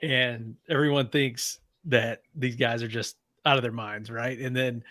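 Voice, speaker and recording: A man's voice: medium pitch, steady tone, unhurried, pushed and bright, no echo, studio quality. A man co-hosting a casual chat, agreeable and chiming in.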